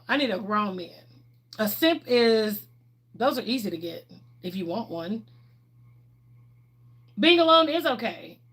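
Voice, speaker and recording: A woman's voice: on the high side, lively intonation, unhurried, long pauses, fairly bright tone, slightly rough. A middle-aged woman, chatting candidly on a livestream and answering viewers' questions, laughing often. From Texas, USA. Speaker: livestream host.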